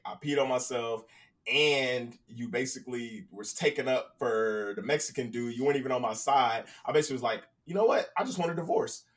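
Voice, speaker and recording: A man's voice: mid-range voice, distant mic. A man casually telling a long funny story on a podcast, acting out the people he quotes. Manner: animated, acts out the people he quotes.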